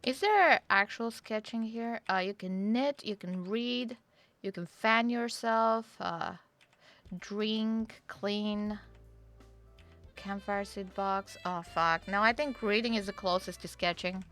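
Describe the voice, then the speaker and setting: A woman's voice: mid-range voice, slow, fairly bright tone, faint music behind. A woman chatting casually on her livestream, joking and teasing herself as she plays. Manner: chatty, jokey, self-deprecating. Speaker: streamer.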